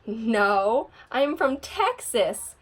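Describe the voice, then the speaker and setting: A woman voicing a friendly young boy in a children's storybook, speaking calmly and matter-of-factly. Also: on the high side, extremely slow, husky, heavily acted.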